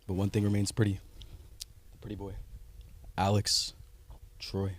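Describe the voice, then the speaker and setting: Cocky, vain wrestler cutting a promo. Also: male voice, lowish voice, completely flat delivery, a little slow.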